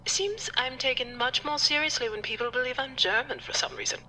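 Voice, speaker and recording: Snooty fake-German head doctor. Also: female voice, high-pitched, fairly quick, bright, forceful tone, slight background noise, poor audio. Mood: haughty. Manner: haughty, snobbish. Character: pompous female psychiatrist faking a German accent.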